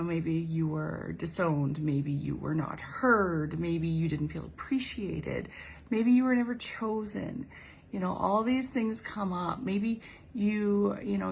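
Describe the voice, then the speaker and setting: A woman's voice: mid-range voice, vocal fry, slight background noise. A woman spiritual coach giving an earnest, casual motivational monologue, often restarting and playing out imagined inner dialogue. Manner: earnest, repeats herself, quotes imagined speech.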